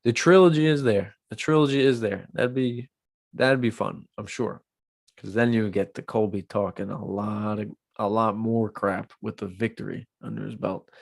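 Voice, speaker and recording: A man hosting a casual MMA podcast, chatty and animated, acting out what people say. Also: lowish voice, normal speed, vocal fry, no room sound. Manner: chatty, animated, acts out quotes. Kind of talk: casual commentary on a live stream.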